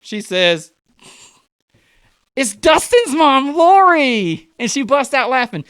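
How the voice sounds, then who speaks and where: A man's voice: dry recording, clean studio sound. A young man doing stand-up comedy, telling a story and acting out the voices of the people in it. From United States. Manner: animated, acts out voices with big pitch jumps.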